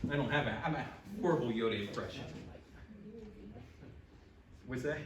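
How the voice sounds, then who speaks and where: A man preaching a sermon as a pastor, lively and building to loud exclamations. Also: mid-range voice, normal speed, background noise. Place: church sanctuary. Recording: echoey church, mic from a distance.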